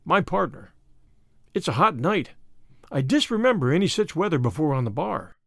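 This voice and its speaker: A man voicing a humble, earnest gold-miner, talking in a slow rustic backwoods drawl. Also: fairly high pitch, very animated, gravelly, a bit bright, no room sound, clean studio sound, exaggerated voice. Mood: apologetic.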